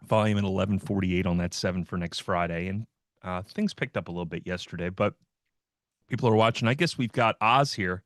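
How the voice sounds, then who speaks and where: Low-voiced joking man hosting a market stream. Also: brisk, no echo, clean studio sound. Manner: loose and joking, with frequent fillers. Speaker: host of a trading livestream. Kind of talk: casual live market commentary.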